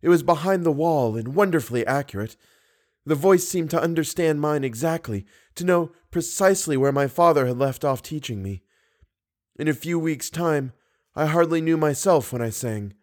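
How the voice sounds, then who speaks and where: A man's voice: on the high side, moderate pace, a little mellow, natural voice. A man reading as an earnest young woman singer. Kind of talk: audiobook reading.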